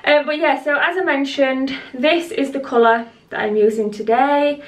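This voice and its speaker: Chatty higher-voiced woman vlogging in a roomy echo. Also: steady tone, normal speed, few pauses. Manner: chatty and rambling, speaks straight to viewers. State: a little out of breath. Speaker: beauty vlogger. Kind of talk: casual chat to camera. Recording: roomy echo, voice a bit distant from the mic.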